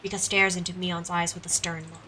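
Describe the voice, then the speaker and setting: A woman streamer reading a game's narration aloud in a quiet, even voice. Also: fairly low pitch, fairly quick, a little hiss or hum.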